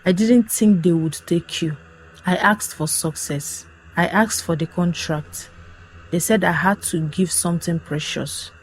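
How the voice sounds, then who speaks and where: A woman's voice: on the low side, a little slow, slight background noise, lightly acted, poor audio. A woman voicing a terrified, wealthy young man who pleads and sobs in a horror story. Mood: pleading. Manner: sobbing, desperate pleading.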